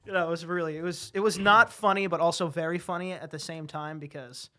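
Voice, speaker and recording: A man's voice: a little high, fairly even intonation, quick pace, bright, forceful tone, slight background noise. A man co-hosting a podcast, telling stories in casual chat and often stumbling over and repeating his words. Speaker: podcast co-host.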